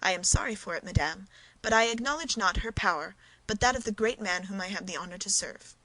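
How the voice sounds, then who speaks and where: A woman's voice: medium pitch, lively intonation, fairly quick, sharp tone, slight background noise, poor audio. A woman reading the part of a self-important, cowardly middle-aged mercer in a storybook reading, speaking emphatically. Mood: pompous.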